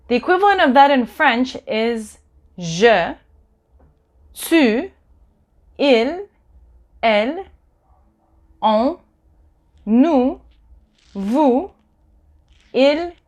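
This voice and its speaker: Patient woman teaching French. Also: a little high. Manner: patient, explanatory, repeats words slowly. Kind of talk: online language lesson. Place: Los Angeles.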